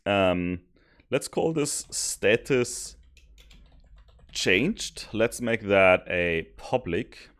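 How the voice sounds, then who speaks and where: A man streaming while he codes, thinking aloud, mocking his own mistakes and sometimes yelling happily. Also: lowish voice, very slow. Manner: thinks aloud, self-mocking, bursts of excited yelling and laughter. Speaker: streamer coding a simulation tool. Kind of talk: casual live coding commentary.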